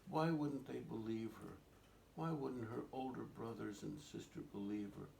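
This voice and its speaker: A man tells a child a story in a gentle, coaxing way and keeps asking the listener questions. His voice is low and gravelly. The room echoes, and a faint noise sits underneath. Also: steady tone, moderate pace. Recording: roomy echoing recording, faint noise.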